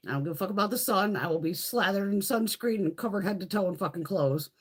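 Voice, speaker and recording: A woman's voice: medium pitch, fast talker, husky. A woman casually chatting on a live beauty stream, rambling and swearing a lot. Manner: chatty, laughs often.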